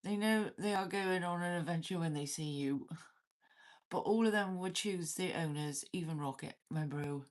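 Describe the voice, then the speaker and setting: A Welsh woman chats loosely with her viewers on a livestream, her voice sitting a little low. She laughs a lot and swears without a second thought. She is talking from inside her cabin. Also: normal speed. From Wales. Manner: laughs often, swears freely, banters with chat. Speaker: livestream host. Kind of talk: casual livestream chat with viewers.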